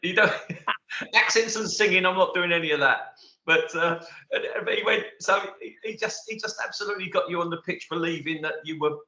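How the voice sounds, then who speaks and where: A man's voice: sits high, brisk. A man in his sixties reminiscing as a podcast guest in a chatty, casual way. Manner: chatty, warm recollection with fillers. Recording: roomy, dull remote audio.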